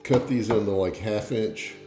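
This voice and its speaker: A man's voice: on the low side, a little slow, over music. Easygoing man in an echoey kitchen. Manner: easygoing, chatty storyteller. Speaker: home cooking host. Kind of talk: casual cooking demo and joke telling. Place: home kitchen.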